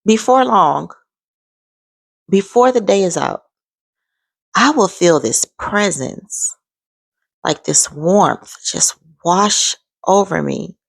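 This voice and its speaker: A woman's voice: lowish voice, lively intonation, slow, vocal fry, long pauses, no room sound. A woman in her forties sharing an emphatic, heartfelt faith testimony in a vlog. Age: 40s. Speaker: vlogger.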